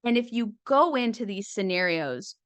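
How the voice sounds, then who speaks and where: Comedian-type woman, casual wry talk, mid-pitched voice, dry recording. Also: expressive, fairly bright tone, no room sound. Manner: conversational and wry, slipping into quick impressions. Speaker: comedian and speaking coach. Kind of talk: casual talk with acted-out quotes.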